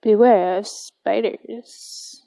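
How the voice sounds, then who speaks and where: Young woman, from Minnesota, gameplay chat, soft-spoken, half-whispered, slow, mellow, dry sound. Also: mid-range voice, fairly even intonation, creaky, no room sound. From Minnesota, USA. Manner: soft-spoken, often drops to a whisper, reads game text aloud. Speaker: gamer. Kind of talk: casual gameplay commentary.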